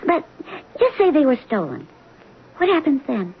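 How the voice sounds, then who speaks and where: A woman's voice: high voice, very animated. An actress playing a young wife who keeps questioning her husband, in a 1970s radio drama. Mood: probing. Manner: probing, quick. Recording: tinny 1970s radio broadcast.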